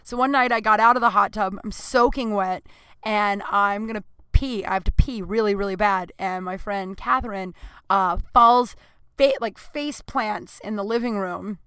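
A woman's voice: medium pitch, normal speed, pushed and bright, clean tone, no echo. A young woman comedian hosting her podcast, telling a crude, self-mocking story in casual chat, full of fillers. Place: home room, recording on a computer.

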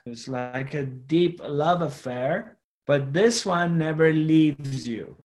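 Middle-aged guy preaching slow and earnest, kinda high voice, keeps repeating himself. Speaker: spiritual teacher. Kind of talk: spiritual talk.

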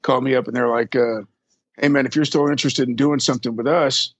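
Husky-voiced man telling road stories. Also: medium pitch, fairly even intonation, quick pace, dry recording, highs cut off. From Texas. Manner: rambling, profane, acts out quoted people. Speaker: drum tech. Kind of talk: casual storytelling interview.

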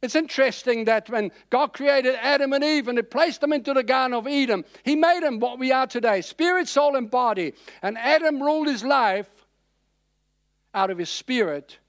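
Guy preaching, chatty sermon, high voice, dry close sound. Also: normal speed, dry recording. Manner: conversational, animated, many fillers.

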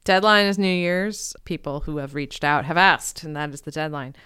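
A woman co-hosting a movie podcast in casual chat, chatty and quick to laugh. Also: low voice, bright, forceful tone, smooth. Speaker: podcast co-host.

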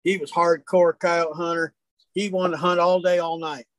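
A man who works as a hunting guide, telling folksy, lively stories in a casual chat. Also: a little high, normal speed, no room sound. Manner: animated, folksy storyteller. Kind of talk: casual storytelling.

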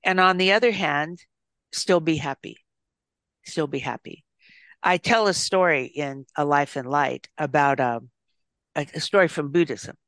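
An older woman, an author and psychologist, speaking as a guest in an interview, reflecting and telling stories with gentle restarts. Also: sits low, moderate pace, no echo, studio quality. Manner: thoughtful storyteller with gentle restarts.

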